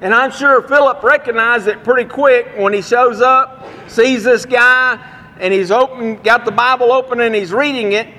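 A man with a very high, bright voice preaches a revival sermon and tells his story in a folksy, plain-spoken way. His words ring out with a long reverb, as in a church sanctuary. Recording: long reverb of a large room.

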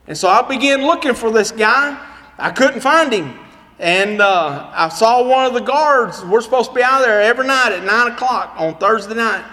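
A man preaching a sermon as an animated storyteller who acts out the dialogue. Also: very high-pitched. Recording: long reverb of a hall.

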